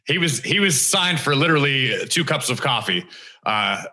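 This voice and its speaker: A man interviewing a guest in a relaxed chat, prompting questions and laughing along. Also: mid-range voice, normal speed.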